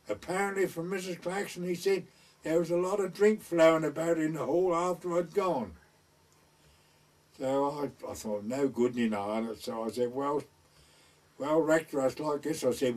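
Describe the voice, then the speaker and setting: With a slightly high, darkish voice at a moderate pace, an older man from East Anglia, England, tells rambling village stories for an oral-history recording. His accent is North Essex / West Suffolk border dialect, he voices the people he quotes, and the mic is distant.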